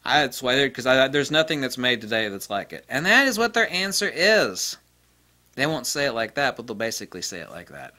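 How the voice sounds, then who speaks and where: A man delivering a blunt, sarcastic rant about camera gear, mocking the claims of others with put-on voices and loose swearing. His voice is bright and forceful, sitting at a middle pitch. He drifts into jokes and laughs at them himself. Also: big pitch swings, brisk. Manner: digresses into jokes and laughs at his own humor. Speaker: photography video host. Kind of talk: ranting casual monologue.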